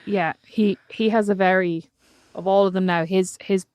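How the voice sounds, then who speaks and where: A woman's voice: mid-range voice, moderate pace, background noise. A woman co-hosting a podcast, chatting casually with her sister and teasing her while she tells stories. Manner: lively teasing storyteller. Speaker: podcast co-host. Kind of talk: casual chat between sisters.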